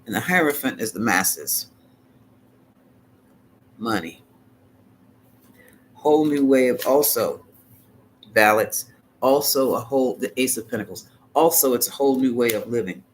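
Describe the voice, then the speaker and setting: A man's voice: medium pitch, lively intonation, measured pace, long pauses, a little hiss or hum. A man giving a live tarot reading in a dramatic, colloquial, sassy way, sometimes dropping into whispered asides. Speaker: tarot reader.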